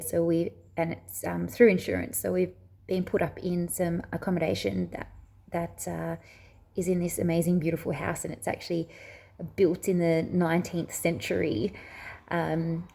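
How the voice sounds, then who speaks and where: A woman's voice: on the low side, creaky, dark tone. A woman hosting her own spiritual video channel, telling a personal story in a chatty, rambling way that drifts off track, with frequent hesitations and restarts. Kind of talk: casual storytelling to camera.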